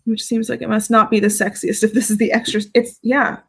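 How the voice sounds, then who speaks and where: A woman with a slightly high-pitched voice chats casually at home while reviewing perfumes. She giggles often and reads out viewer comments as she goes. Her delivery is loose and conversational. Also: level tone, fairly quick, creaky, breathy edge, poor audio. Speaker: fragrance reviewer. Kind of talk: casual live-stream chat. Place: home with dogs.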